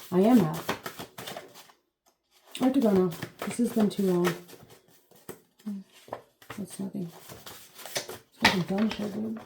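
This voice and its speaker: A woman with a mid-range voice and vocal fry hosts a rambling live reading, chatting casually with lots of fillers and a playful curse here and there. Faint noise and a roomy echo color the recording.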